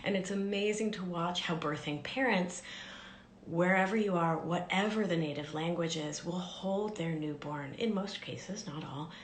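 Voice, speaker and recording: A woman life coach giving a gentle, soothing teaching talk on a live stream, often dropping into soft whispers. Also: lowish voice, normal speed, echoey room, a little hiss or hum.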